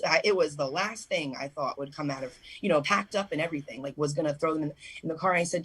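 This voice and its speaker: Young woman guest on call-in radio, husky voice, rambling emotional story, lots of restarts. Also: low-pitched, brisk, hardly any pauses, fairly bright tone. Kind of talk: call-in radio interview, personal account.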